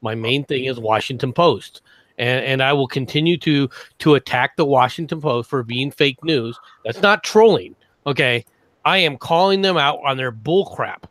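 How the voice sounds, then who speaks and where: Man, mid-pitched voice, dry sound; defensive, insistent streamer. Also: moderate pace, fairly bright tone, dry recording. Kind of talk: casual voice chat banter.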